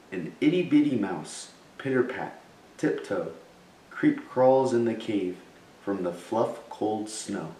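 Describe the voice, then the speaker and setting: A man reading a picture book aloud in a lively storytelling way, voicing sound words with relish. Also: fairly low pitch, slight background noise. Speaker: reader. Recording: echoey room.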